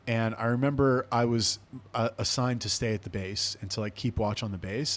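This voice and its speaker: A man with a somewhat low voice tells a story on his podcast in loose, conversational monologue. He speaks bluntly, swears freely and keeps a casual, offhand tone. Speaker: podcast host.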